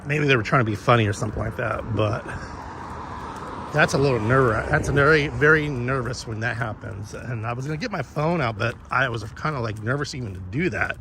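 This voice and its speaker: A man's voice: mid-range voice, a little fast, background noise. A man chatting casually with viewers while walking his dog outdoors, rambling and profane as he tells a story. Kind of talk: casual chat to live viewers. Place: outdoors on a walk.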